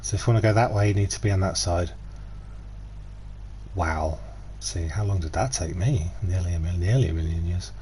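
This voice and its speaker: A chatty middle-aged man with a low voice rambles through casual stream commentary. He swears freely and laughs easily. Faint background sound sits under his voice. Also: moderate pace, mellow, slight background noise.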